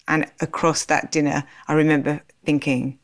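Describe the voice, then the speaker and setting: A woman with a notably low voice tells her own story as an interview guest. She is animated and slips into the voices of remembered conversations as she goes. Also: normal speed. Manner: animated, acts out remembered dialogue.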